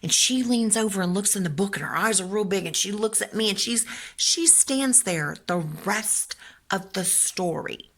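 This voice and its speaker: Older woman, bright tone, animated, chatty, storytelling. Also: mid-range voice, moderate pace. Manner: animated, chatty, acts out voices. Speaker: children's book author. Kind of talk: casual storytelling talk.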